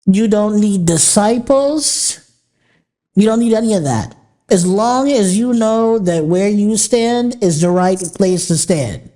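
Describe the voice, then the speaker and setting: A woman hosts a podcast and rants bluntly with plenty of profanity and mocking laughter. Her voice is dark and mellow and sits a little high for a woman. She talks slowly and deliberately. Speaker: podcast host. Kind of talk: casual ranting monologue.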